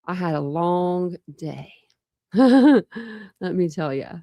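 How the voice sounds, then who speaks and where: Tired young woman on a home livestream, lowish voice, super dry, lots of likes and ums. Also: steady tone, unhurried, mellow, no echo. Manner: rambling, lots of fillers and restarts. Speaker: true crime channel host. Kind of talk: casual livestream chat with viewers.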